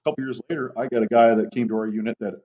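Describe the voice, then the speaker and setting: A middle-aged dog trainer appears as a podcast guest, rambling through stories and swearing casually. He talks very fast in a warm, steady, medium-pitched voice, and the audio is muffled and lo-fi.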